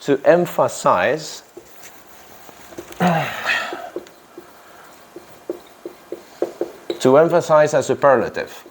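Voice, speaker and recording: A man's voice: fairly high pitch, animated, extremely slow, pauses often, noisy background. A man teaching an English grammar lesson to a class, repeating phrases and checking in with "yeah?" after nearly every point.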